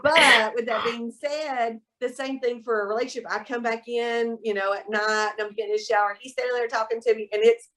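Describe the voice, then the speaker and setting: Brief: middle-aged woman, expressive interview guest. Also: fairly high pitch, fairly quick, few pauses. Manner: animated storyteller, quotes people in voices. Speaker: guest, soap maker. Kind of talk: casual interview chat.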